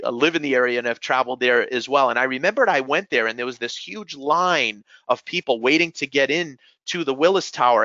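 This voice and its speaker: A man's voice: medium pitch, pushed and bright, no echo, dull audio. A man with a New England accent presenting a live sales webinar, upbeat and enthusiastic, often calling out to everyone.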